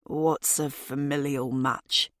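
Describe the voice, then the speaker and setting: A woman voicing an anxious, grieving middle-aged husband and father who speaks in a hushed, worried way. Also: rumbling low, level tone, takes it slowly, no room sound, studio quality, heavily acted.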